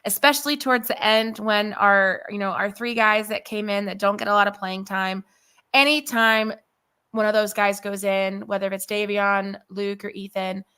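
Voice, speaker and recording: A woman's voice: medium pitch, fairly bright tone, clean tone. Emotional, swearing young woman podcaster. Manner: emotional, rambling, salty language. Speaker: podcast co-host. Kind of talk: casual sports chat.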